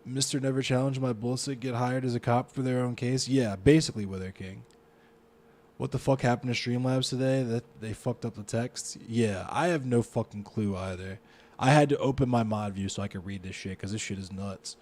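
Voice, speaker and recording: A man's voice: medium pitch, fairly even intonation, moderate pace. A man with a Baltimore accent, streaming live, reading a news story aloud and reacting to it with a lot of swearing. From Baltimore, United States. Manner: profane, reacts loudly to what he reads.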